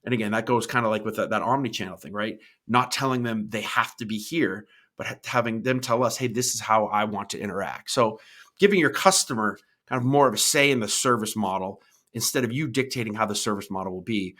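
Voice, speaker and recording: A middle-aged podcast host thinks aloud about his ideas as he answers live comments, often restarting and repeating words and tagging points with "right?". His voice is fairly low-pitched with a fairly bright tone, and he talks briskly.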